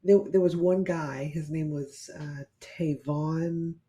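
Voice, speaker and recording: Mid-pitched voice, mellow tone, casual podcast chat, laughs a lot. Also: takes it slowly. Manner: animated storytelling, laughs often, cursing. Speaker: podcast co-host.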